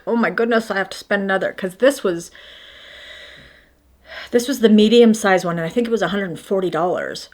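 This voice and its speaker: A woman in her fifties chatting casually through her morning skincare routine, rambling and self-deprecating as she shows each product. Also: mid-range voice. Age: 50s. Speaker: beauty vlogger.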